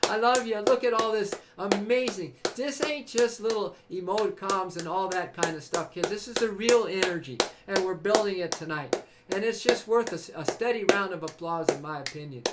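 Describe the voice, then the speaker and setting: A man with a high-pitched voice hosts a livestream, delivering an enthusiastic, preachy motivational talk to his chat at a normal speed. He's exuberant, often breaking into cheers and whoops. The recording is very noisy.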